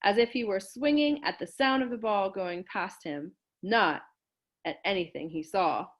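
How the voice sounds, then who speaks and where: A woman teacher reading a novel aloud to her class, raising her voice for the dialogue and stopping to explain terms. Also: measured pace. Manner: reads dialogue with lively lifts in pitch and volume, stopping to explain words.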